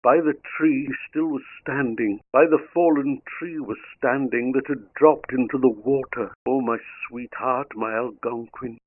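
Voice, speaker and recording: A man voicing a young woman lamenting her lost lover in a sung poem, soft, tender and sad. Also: medium pitch, fairly even intonation, measured pace, few pauses, close to an everyday voice. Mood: tender, mournful. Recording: narrow phone-like lo-fi sound.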